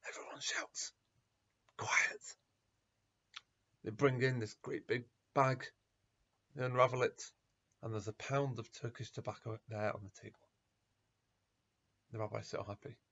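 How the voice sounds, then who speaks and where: Middle-aged rabbi guy telling a story, earnest and measured, kinda muffled lo-fi. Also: mid-range voice, fairly even intonation, gravelly, fairly bright tone. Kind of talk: storytelling talk at a school assembly. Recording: dull lo-fi recording.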